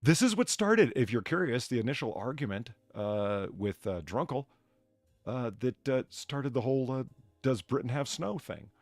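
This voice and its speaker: A man's voice: mid-range voice, sing-song, normal speed, no room sound. A man from the United States hosting a live stream, chatting casually in a rambling, profane way that is full of restarts. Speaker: streamer and bartender host.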